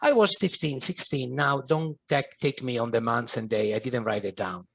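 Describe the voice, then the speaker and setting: A man's voice: medium pitch, normal speed, vocal fry. A middle-aged man, a podcast guest and coach, telling a personal story in an earnest, vivid way. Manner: earnest, vivid, slips in Italian and French phrases.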